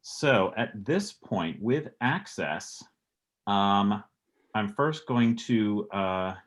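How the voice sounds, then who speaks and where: A man playing a tabletop role-playing game, describing his moves slowly and deliberately. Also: fairly low pitch, expressive. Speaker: player.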